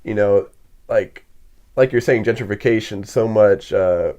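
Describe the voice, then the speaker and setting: A man's voice: on the low side, unhurried, dark tone. A young man who works on film sets, talking as a podcast guest in an easygoing, chatty way. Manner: easygoing, chatty, filler-heavy. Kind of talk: casual conversation.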